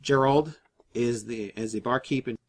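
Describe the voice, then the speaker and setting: Running a tabletop game as game master, this man narrates in a medium-pitched voice with a somewhat dark tone. He speaks haltingly, often stopping to restart and leaning on fillers.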